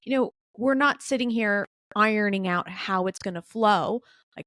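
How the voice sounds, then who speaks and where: A woman's voice: medium pitch, moderate pace, fairly bright tone, no echo. A woman hosting a podcast interview, speaking casually to her guest and the audience with frequent fillers. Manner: talks straight to the audience, frequent fillers like "you know". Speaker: podcast host. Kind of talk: conversational interview.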